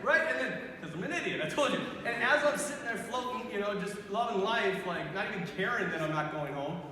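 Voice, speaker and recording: High bright-voiced priest doing a youth talk, lively storytelling, big roomy hall, bit of hiss. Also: male voice, a little fast. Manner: animated, acts out quotes, laughs often. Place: large hall. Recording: echoey hall from far off.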